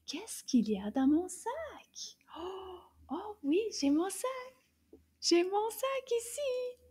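A woman voicing a small, excited, childlike puppet friend with eager, sing-song questions. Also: very high-pitched, takes it slowly, voice pushed up, exaggerated voice.

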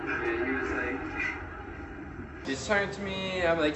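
A man's voice: medium pitch, normal speed, long pauses. A young man casually telling a rambling story, acting out what people said. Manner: rambling, animated, acts out quotes. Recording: roomy, distant, noisy recording.

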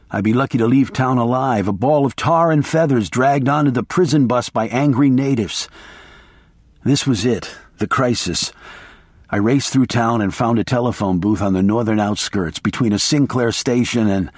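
A man's voice: mid-range voice, breathy edge, no echo, studio quality. A man giving intense, sardonic first-person audiobook narration.

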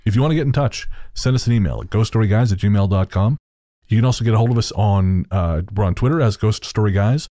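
A man co-hosting a podcast in casual banter, jokey and quick to laugh. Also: on the low side, mellow, no echo, clean studio sound. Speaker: podcast co-host.

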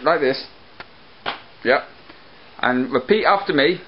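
Out in a park, a young vlogger films a casual handheld video, cracking jokes and laughing often. He speaks slowly in a voice on the high side, captured through dull, lo-fi camcorder sound full of loud hiss.

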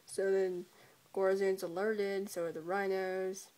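A woman's voice: mid-range voice, level tone, unhurried, darkish tone. A woman giving a casual, joking episode recap, irreverent and giggly, swearing often and breaking into laughter. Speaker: video reviewer.

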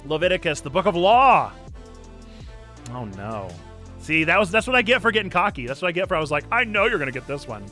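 A pastor giving excitable live-streamed gameplay commentary, now and then bursting into loud cheers. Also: male voice, on the high side, fairly quick, soft background music. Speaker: pastor streaming a video game.

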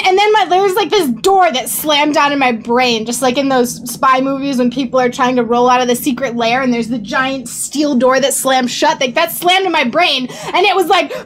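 A young woman streamer telling a story in a casual, animated way, still shaky from a scare. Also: sits high, a little hiss or hum. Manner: animated, rising to panicked shouts and laughter.

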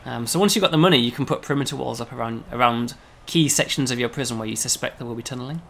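A man, a game developer, casually explaining a game demo, often pausing on "um" and checking with "right?". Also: mid-range voice, creaky, fairly bright tone, a little hiss or hum.

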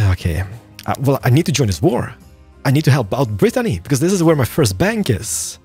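Animated man commentating a strategy game. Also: mid-range voice, normal speed, husky, soft background music. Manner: animated, excitable, muttering to himself. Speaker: gaming YouTuber. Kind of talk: gameplay commentary.

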